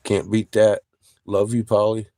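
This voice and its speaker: A middle-aged man rambling excitedly and profanely in a casual monologue, showing off rocks from inside an RV. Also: on the low side, a little slow, no room sound.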